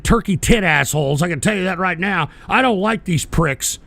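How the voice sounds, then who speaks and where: A man's voice: sits high, lively intonation, moderate pace, gravelly, few pauses, a bit bright, no echo. A man hosting a livestream, ranting in a profane, exasperated way with stammering restarts. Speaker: livestream show host. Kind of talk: angry livestream rant.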